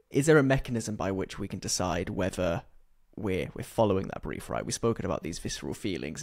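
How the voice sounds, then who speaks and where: A man hosts a conversational interview, with a voice sitting slightly low. He asks long, carefully built questions, adding one clause after another before he hands over to the guest. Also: a little mellow. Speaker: podcast host.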